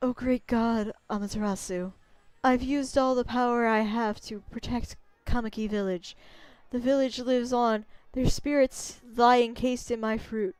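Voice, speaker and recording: A gentle tree goddess speaks softly and solemnly, as a woman voices her. Her delivery is slow and smooth, pleading with quiet dignity. The recording is dry and close. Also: a little high, fairly even intonation, no room sound, natural voice, low-quality recording. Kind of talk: game dialogue read aloud.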